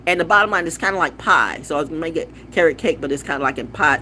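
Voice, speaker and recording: Woman vlogger, loose profane monologue, very expressive pitch, playful word repetition. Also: fast talker, few pauses, slight background noise. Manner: blunt, profane and wandering; repeats words playfully. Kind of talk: casual rambling monologue.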